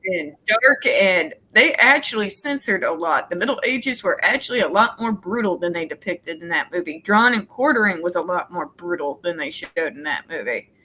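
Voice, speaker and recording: Woman, bright forceful voice, blunt, emphatic, casual chat. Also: lowish voice, lively intonation, moderate pace, few pauses, poor audio.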